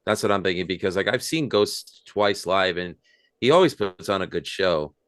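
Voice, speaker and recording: A man's voice: deep voice, expressive, moderate pace, clean tone, no echo, clean studio sound. A man talking casually on a review panel, hesitant and restarting his sentences. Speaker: co-host, guitar player.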